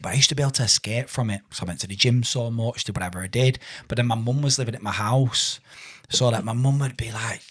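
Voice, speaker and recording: A man hosts a podcast conversation. He talks at a middling pitch in a casual, rambling way, often stumbling and restarting his sentences. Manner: chatty, rambling, stumbles over words. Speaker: podcast host.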